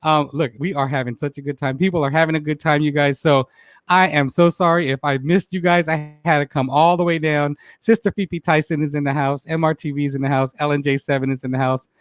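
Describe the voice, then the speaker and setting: Man, live-stream host, animated, greets viewers, higher voice, dry close sound. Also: brisk, clean tone, no echo. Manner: animated, greets viewers by name, laughs often. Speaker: talk show host. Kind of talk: casual live-stream chat.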